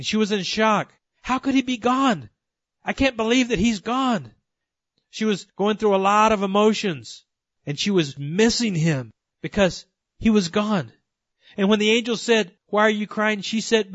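High-voiced earnest male preacher. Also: no echo, highs cut off. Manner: earnest, addresses listeners as folks and friends. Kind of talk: sermon.

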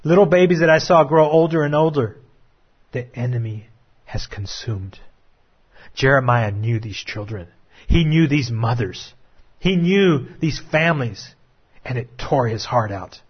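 A man delivers a dramatic sermon in a husky voice, dropping to hushed, drawn-out lines before rising to urgent appeals. The recording is dull and lo-fi. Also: medium pitch, animated. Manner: dramatic preaching, swings from hushed to raised. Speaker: preacher.

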